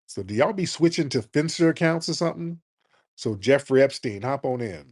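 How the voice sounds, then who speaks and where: A man's voice: mid-range voice, animated, a little fast, a little mellow, no room sound. A male host runs a call-in talk show with a brash, blunt manner, teasing and grilling his callers. The sound is dry and close, with no room around it.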